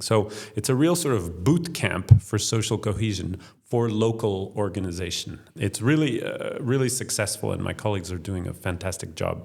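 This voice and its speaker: Guy with a low, gravelly voice explaining stuff step by step in an interview. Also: animated, moderate pace, hardly any pauses, darkish tone. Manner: structured, explanatory, lists points in order. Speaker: think tank chief executive, podcast guest. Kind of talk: interview answers.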